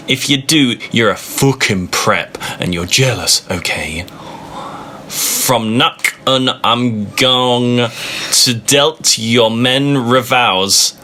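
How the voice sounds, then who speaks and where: A man's voice: medium pitch, pushed and bright, a little hiss or hum. A man giving a comic reading aloud, with sarcastic, amused asides and free swearing. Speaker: reader of a fan fiction. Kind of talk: comedic dramatic reading with mocking asides.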